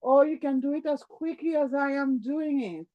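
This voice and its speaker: High-voiced woman guiding a yoga class. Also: normal speed, dull audio. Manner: calm, step-by-step guiding, demonstrating while talking. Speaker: yoga teacher. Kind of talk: guided yoga class instruction.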